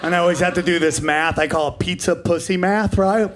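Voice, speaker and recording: A brash man in his forties works a stand-up comedy set with a high, raised voice, swearing freely and shouting out his punchlines. He is heard on a stage mic, with a faint room hum behind him. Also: fairly even intonation, fairly quick. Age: 40s. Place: comedy club stage in front of a live audience.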